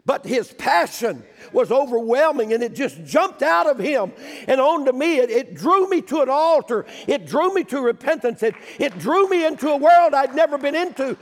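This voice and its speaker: An older man preaching a sermon in a church, fervent, swinging between shouted pleas and hushed storytelling. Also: extremely high pitch, very animated, normal speed, few pauses, long reverb tail.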